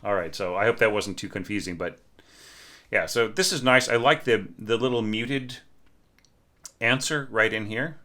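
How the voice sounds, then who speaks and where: An orchestration teacher leads an easygoing lesson over a score, speaking at a normal pace in a fairly low voice with a bright, forward quality. He sings musical snippets and repeatedly checks in with "right?".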